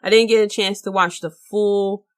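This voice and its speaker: A woman's voice: medium pitch, steady tone, moderate pace. A woman hosting her own podcast, talking casually in a chatty, rambling way with lots of fillers and restarts. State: tired, late at night. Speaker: podcast host. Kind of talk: casual solo podcast talk.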